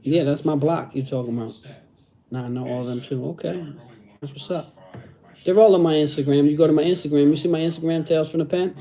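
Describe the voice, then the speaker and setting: A man's voice: on the high side, steady tone, brisk, dark tone. A middle-aged man chatting casually on a livestream, using street slang and repeating phrases. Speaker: host reading live chat.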